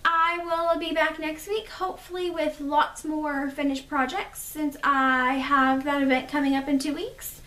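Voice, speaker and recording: A woman's voice: sits high, a bit bright, roomy sound. A young woman hosting her podcast in a casual chat, a little stuffy from allergies, rambling with fillers. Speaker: podcast host.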